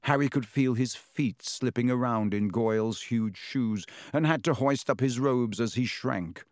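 Guy reading a story aloud, mid pitch, lively, dry close sound. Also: a little slow, no echo. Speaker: audiobook narrator. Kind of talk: scripted narration.

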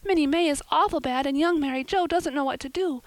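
A woman's voice: high-pitched, brisk, dry recording, voice pushed up, lightly acted. A woman voicing a frightened young girl in a story reading, pleading and near tears.

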